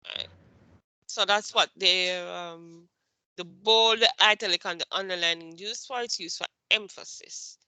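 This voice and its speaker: A woman's voice: fairly low pitch, a little slow, pushed and bright, clear, resonant tone, no room sound. A woman instructor teaching a computer class, asking questions and repeating her points patiently.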